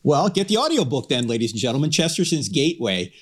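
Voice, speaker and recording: A man's voice: medium pitch, big pitch swings, fast talker, husky. A man hosting a talk radio interview in a chatty way, reading quotes aloud with relish. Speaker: radio show host.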